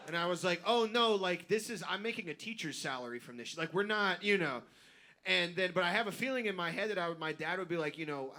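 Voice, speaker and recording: Young man, high voice, excitable live podcast co-host, acts out his parents. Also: a little fast. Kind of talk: live comedy podcast storytelling. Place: live venue stage.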